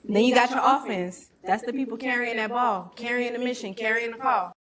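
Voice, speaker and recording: A woman's voice: fairly high pitch, brisk, fairly bright tone. A woman leading a faith-based business teaching, asking her listeners pointed questions and using football comparisons. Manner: preacherly, uses football analogies, asks the audience direct questions. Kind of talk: teaching with slides.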